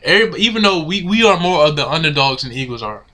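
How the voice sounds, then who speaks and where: A man's voice: on the high side, very animated, fast talker, pushed and bright. A man ranting casually to his camera as a sports fan, exasperated and slangy, repeating himself. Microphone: camera mic.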